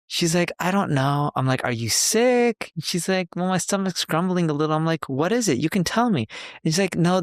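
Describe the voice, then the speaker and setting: Male podcast co-host in his forties, middle pitch, casual storyteller, dry close mic. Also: clear, resonant tone, no echo. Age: 40s. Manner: storytelling, quoting others in conversation. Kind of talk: casual chat.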